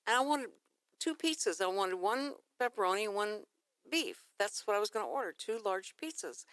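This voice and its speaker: A woman from Texas with a Texan accent, hosting a morning radio talk show and telling a story in a lively, chatty way. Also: mid-range voice, fairly quick, dry recording. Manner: animated storytelling, acting out phone calls. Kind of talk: casual radio chat. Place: radio studio.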